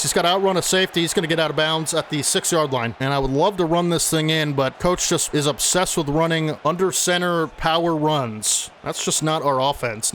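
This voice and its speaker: Excitable man commentating a football game. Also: a little high, a little hiss or hum. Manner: excitable, talks to viewers. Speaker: gaming channel host. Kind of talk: play-by-play commentary of a video game.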